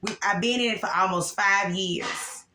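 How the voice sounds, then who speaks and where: Woman, 40s, angry vlog rant, bright tone, echoey room. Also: medium pitch, normal speed, a little hiss or hum. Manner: emotional, repetitive, upset and angry. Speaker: vlogger. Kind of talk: casual vlog venting to viewers.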